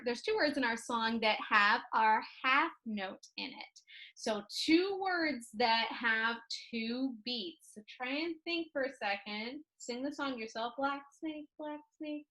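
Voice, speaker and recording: A woman's voice: high voice, a bit bright, rough recording. A woman music teacher leading an online lesson for young children, singing short phrases and coaching them to sing along. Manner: sings phrases and coaches the listener to repeat; slow, clear, encouraging delivery.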